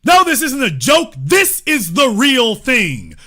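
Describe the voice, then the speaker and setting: Lively emphatic man. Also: very high voice, slow pace. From Louisiana. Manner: emphatic, repetitive, swings between loud and hushed. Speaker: host. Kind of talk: impassioned political commentary.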